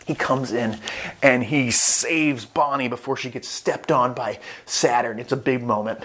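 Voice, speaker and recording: A man reviewing a comic chapter in casual vlog commentary, rambling and excitable, swearing freely. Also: medium pitch, a little slow. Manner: rambling, excitable, with profanity and restarts.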